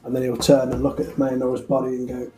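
A man's voice: medium pitch, completely flat delivery, quick pace, creaky, dark tone, faint music behind. A man playing a tabletop game, narrating his character's actions with joking, self-mocking asides. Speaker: player.

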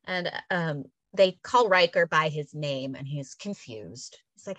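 A woman's voice: a little slow, hardly any pauses, dry recording. A woman chatting casually as a podcast co-host, retelling a story with filler words and acting out the characters' lines. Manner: animated storyteller, acts out characters' lines with big pitch jumps; casual, filler-heavy, swears. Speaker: podcast co-host recapping an episode. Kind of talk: casual chat.

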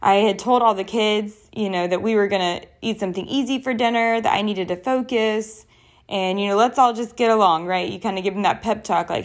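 Woman, young adult, podcast host, earnest, personal, chatty solo talk, mid-pitched voice. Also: a little fast.

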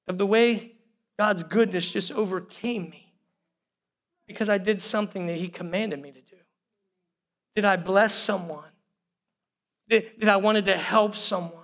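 Man, high voice, pastor, sermon, conversational, repeats himself. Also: gravelly, a bit bright. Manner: conversational, repetitive, addresses the congregation directly.

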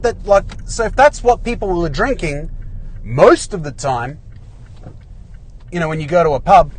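A man's voice: high-pitched, slight background noise. A young man hosting a podcast, ranting in a casual, profane monologue while walking around home. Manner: profane, swears constantly, rants. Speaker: podcast host. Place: walking outdoors, then indoors at home.

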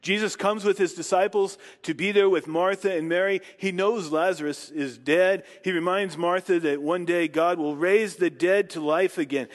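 A man preaching a sermon and reading scripture, with slow dramatic pauses and emphatic questions. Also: high voice, in a large hall. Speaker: pastor.

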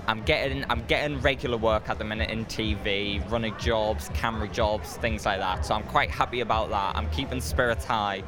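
A young man with a fairly low voice answers questions earnestly, pausing to find his words. Loud music plays behind him outdoors. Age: young adult. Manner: earnest, thoughtful, some hesitation. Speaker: interviewee, graduating film student.

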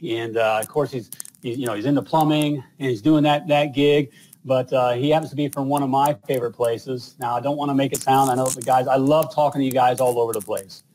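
A man's voice: medium pitch, fairly even intonation, a little fast, a little mellow, a little hiss or hum, poor audio. A man, hosting a live show in casual, rambling talk full of fillers and repeated "all right?". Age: 50s. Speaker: podcast host.

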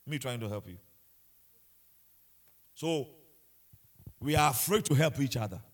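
A man's voice: mid-range voice, lively intonation, unhurried. A man preaching a sermon with passion, repeating himself and asking the congregation rhetorical questions. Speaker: pastor.

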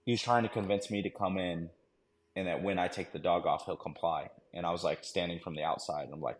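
A man's voice: deep voice, fairly quick. A man, a former army dog handler, telling a war story on a podcast in a casual, slangy way full of fillers and "right?". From United States.

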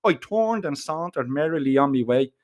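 A man's voice: on the high side, normal speed. A man telling a comic first-person story, full of swearing and slang. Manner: profane, slangy, animated.

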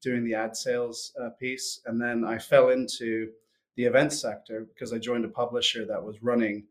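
A man in his forties chats as a guest on a business podcast, relaxed and a little hesitant. He keeps restarting his sentences and leans on fillers. His voice sits at an ordinary middle pitch. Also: moderate pace. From Switzerland and US upbringing. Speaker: guest, sales executive. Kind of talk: casual interview chat.

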